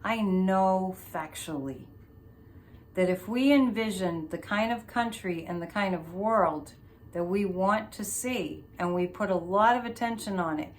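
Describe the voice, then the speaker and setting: A woman's voice: mid-range voice, a little slow, slight background noise. Woman rambling thru a tarot reading on her own show, chatty, lots of restarts. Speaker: psychic show host. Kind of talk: casual tarot reading commentary.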